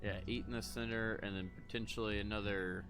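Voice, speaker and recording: A man's voice: fairly low pitch, level tone, a little fast, over music. A young man casually rambling through live gameplay commentary, laid-back and often chuckling, with the odd cough. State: coughing between lines. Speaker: gaming streamer.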